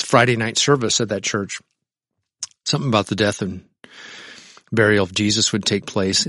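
Low-voiced man preaching conversationally. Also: bright, forceful tone, breathy edge, no room sound, studio quality. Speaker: pastor. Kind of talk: sermon with reading aloud.

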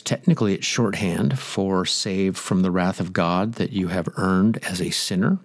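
A man's voice: low-pitched, no room sound. A man preaching a sermon, stressing his points and asking the listeners direct questions. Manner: emphatic, rhetorical questions to listeners.

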